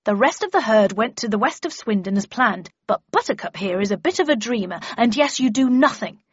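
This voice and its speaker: A woman voicing a brisk male government agent who speaks in a loud, clipped, official manner. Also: a little high, lively intonation, slightly rough, no room sound, lo-fi sound. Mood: officious.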